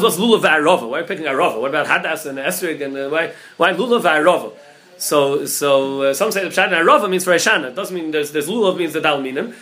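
A man, a rabbi, giving a Talmud class, talking quickly with many restarts and repeated words. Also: fairly high pitch, fairly bright tone. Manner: rapid, repeats words and restarts, mixes Hebrew and Yiddish terms into English. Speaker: rabbi teaching a daily Talmud page.

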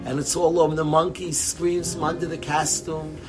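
A man telling a joke and drawing a lesson from it, in a lively, rambling way and sprinkling in Yiddish words. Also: a little high, normal speed, music in the background. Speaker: storyteller and speaker. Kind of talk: animated storytelling talk with a lesson.

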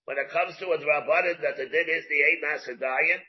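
A man's voice: a little high, fairly quick, muffled recording. A man teaching a Talmud class, arguing through the text aloud in questions and answers.

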